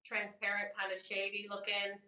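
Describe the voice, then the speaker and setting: A woman co-hosting a casual chat, telling a ghost story as an animated storyteller whose voice swings between loud and hushed. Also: mid-range voice, moderate pace. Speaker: podcast co-host. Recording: roomy, distant mic.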